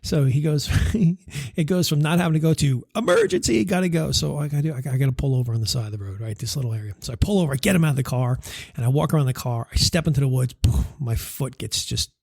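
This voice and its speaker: Host, male, thirties, husky tone, dry close mic, loose rambling storyteller. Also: mid-range voice, expressive, fast talker, a little mellow, no echo. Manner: rambling with many fillers and restarts, laughing through funny parts. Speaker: podcast host and life coach. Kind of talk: casual storytelling monologue.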